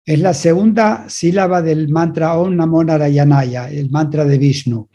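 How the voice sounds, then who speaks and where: A male interpreter with a fairly high but mellow voice relays a spiritual talk phrase by phrase. He restarts now and then as he works through each passage, keeping the delivery steady and plain. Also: normal speed, muffled recording.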